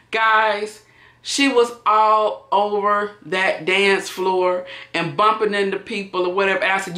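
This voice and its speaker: A woman's voice: mid-range voice, moderate pace. A woman vlogger telling a casual story while wrapping gifts, acting out what people said, recorded in an echoey room. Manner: animated, acts out quotes.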